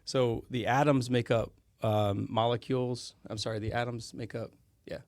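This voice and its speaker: A man's voice: mid-range voice, fairly even intonation, normal speed, a little mellow, no echo, clean studio sound. A man speaking as a podcast guest in a casual chat, rambling and often stopping to correct himself. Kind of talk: casual conversation.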